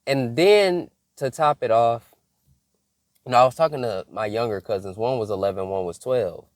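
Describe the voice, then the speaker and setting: A young man from Michigan telling a casual story as a faith vlogger, animated, laughing often and breaking into mock-scolding asides. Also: mid-range voice, normal speed, no room sound, clean studio sound.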